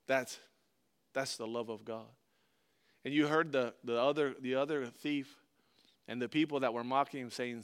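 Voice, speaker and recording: Man preaching in a smooth resonant voice. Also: medium pitch, normal speed. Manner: earnest, conversational preaching, reads scripture then explains it plainly. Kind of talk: sermon.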